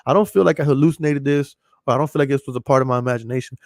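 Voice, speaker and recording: Racing along in a medium-pitched, slightly mellow voice, a podcast host tells a long story. The recording is dry and studio-clean, and his casual monologue rambles, curses and repeats itself.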